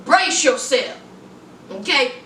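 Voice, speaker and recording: A woman's voice: high voice, animated, takes it slowly, pushed and bright, distant mic, slight background noise. A middle-aged woman recapping a reality show in a sassy, chatty style, calling viewers honey and y'all. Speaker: reality TV reviewer. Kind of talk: casual recap vlog. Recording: echoey room, voice off-mic.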